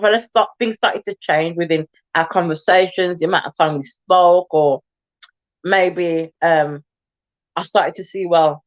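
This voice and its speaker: A woman's voice: on the low side, muffled recording. A woman co-hosting a casual live stream chat, talking chattily with her mouth full as she eats. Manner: chatty, talks while eating with mouth full. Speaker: co-host.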